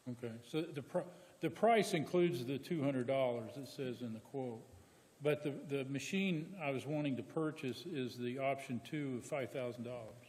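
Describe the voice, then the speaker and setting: A man giving a relaxed, casual report to county commissioners, laughing easily. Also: medium pitch, moderate pace, long reverb tail. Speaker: county department head. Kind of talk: casual report at a public meeting. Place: county meeting room.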